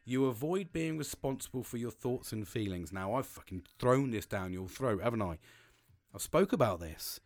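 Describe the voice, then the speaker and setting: A man's voice: medium pitch, lively intonation, moderate pace. A British man talking in a frank, rambling casual monologue, swearing freely as a podcast host.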